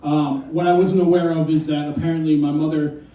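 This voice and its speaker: Wry stand-up comedian in echoey club. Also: male voice, fairly high pitch, flat delivery, brisk, distant mic, muffled recording, noisy background. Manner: wry, storytelling, self-deprecating.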